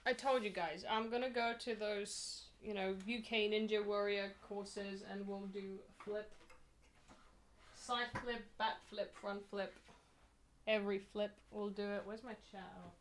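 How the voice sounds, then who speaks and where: A woman's voice: mid-range voice, little pitch movement, measured pace, a little hiss or hum. A young woman streamer chatting casually and rambling from a small home office, poking fun at herself. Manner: rambling, chatty, self-mocking. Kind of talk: casual live-stream chat.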